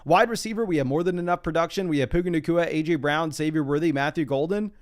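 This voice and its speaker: A man's voice: fairly high pitch, fast talker. A young man streaming live from his desk, chatting casually through a fantasy football draft and reading out viewer comments. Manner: chatty, reads chat comments aloud. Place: home desk.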